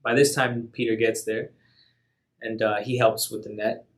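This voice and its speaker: A man telling a Bible story for a youth ministry in a relaxed, slangy way. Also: on the low side, measured pace. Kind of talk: casual Bible story retelling.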